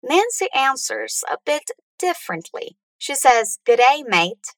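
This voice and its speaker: A woman teaching English pronunciation, going slowly through phrases for learners to repeat after her. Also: high voice, sing-song, no echo. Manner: slow, deliberate, stretching out words for learners to repeat.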